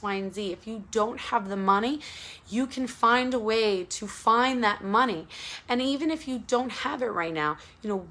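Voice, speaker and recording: A woman's voice: fairly high pitch, fairly bright tone. A woman postpartum support coach giving casual advice straight to the listener, earnest and repetitive. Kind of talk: casual direct-to-camera advice talk.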